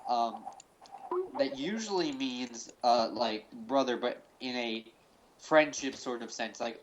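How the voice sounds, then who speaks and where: A man's voice: mid-range voice, lively intonation, moderate pace, poor audio. Rambling man giving a mock-serious theory. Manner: rambling, full of fillers and restarts. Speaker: host. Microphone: call recording.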